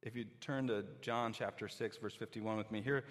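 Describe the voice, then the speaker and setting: A male preacher gives a sermon in a relaxed, talky style, slipping into little acted-out voices of the crowd. His voice sits a bit low, and a long hall reverb trails after his words. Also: moderate pace. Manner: conversational, acts out quoted listeners.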